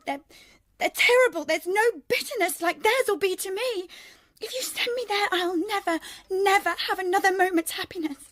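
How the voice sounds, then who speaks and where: Brief: rebellious young daughter, very high, lively voice, sarcastic and defiant. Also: female voice. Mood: desperate. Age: young adult. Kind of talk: radio drama acting.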